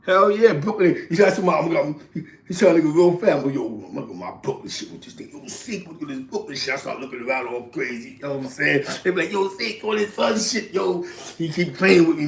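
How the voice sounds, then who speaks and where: A man's voice: fairly high pitch, gravelly, reverberant. A man from East Harlem with a New York accent, telling rambling street stories in casual slang, often tagging lines with "you know what I'm saying" and a laugh. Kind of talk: casual storytelling.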